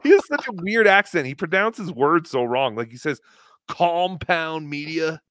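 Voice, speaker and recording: A man hosting a podcast, talking casually with an animated, sarcastic delivery. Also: fairly high pitch, normal speed, dry recording, clean studio sound. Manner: animated, sarcastic, mocks with impressions. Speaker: podcast host. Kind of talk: mocking casual chat.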